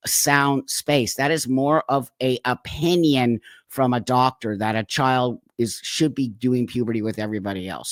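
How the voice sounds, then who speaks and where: A man's voice: mid-range voice, no echo. Emphatic man with a dry close sound. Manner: emphatic, indignant, repeats points for stress. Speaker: channel host reacting to a clip. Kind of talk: reaction commentary.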